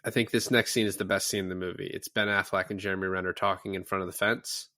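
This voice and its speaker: A man co-hosting a podcast, casually reviewing a film and retelling its scenes with animated, profane enthusiasm. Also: low-pitched, fast, no echo, clean studio sound. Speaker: podcast co-host. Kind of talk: casual movie review chat.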